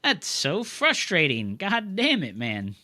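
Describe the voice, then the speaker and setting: A man's voice: fairly high pitch, huge pitch swings, takes it slowly, bright, forceful tone. A young man streaming live game commentary, ranting with frustration and cursing constantly in loose slangy gamer talk. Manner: frustrated ranting, heavy swearing.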